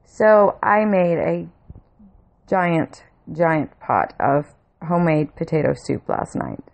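Woman vlogger, low gravelly voice, rambling, candid storytelling full of restarts. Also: lively intonation, slow, darkish tone. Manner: blunt, swears freely. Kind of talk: casual storytelling to camera.

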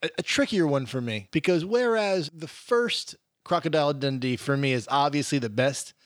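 A man's voice: a little high, lively intonation, normal speed, no echo. A man co-hosting a podcast, casually reviewing movies with wry, dry jokes. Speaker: podcast co-host.

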